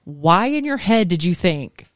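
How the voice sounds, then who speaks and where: A woman's voice: fairly low pitch, big pitch swings, unhurried, no room sound, studio quality. A woman in her forties, a schoolteacher co-hosting a casual chat show, chatty and laughing, swearing casually. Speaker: co-host, schoolteacher.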